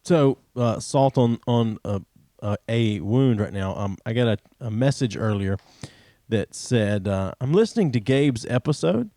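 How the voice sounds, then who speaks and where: A man co-hosting a podcast in casual chat, relaxed and quick to laugh, with a lot of ums and restarts. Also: medium pitch, dry recording, studio quality. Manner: laid-back, easily amused, hesitant with many ums. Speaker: podcast co-host.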